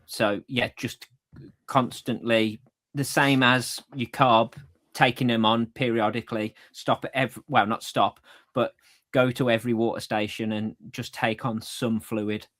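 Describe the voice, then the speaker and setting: A man co-hosting a casual podcast, relaxed and a little hesitant, repeating himself as he talks. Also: mid-range voice, measured pace. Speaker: podcast co-host. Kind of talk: casual chat.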